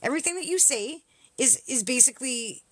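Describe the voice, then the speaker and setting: Woman livestreamer, from Canada, combative and mocking, swears freely, slightly high voice, dry close sound. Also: animated, fairly quick, no room sound. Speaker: livestream host. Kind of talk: livestream chat replying to comments.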